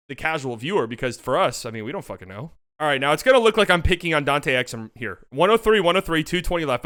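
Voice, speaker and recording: A man hosting a sports channel, talking through game footage in a casual, excitable way, swearing and joking freely. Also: a little high, smooth. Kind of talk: casual game-film breakdown commentary.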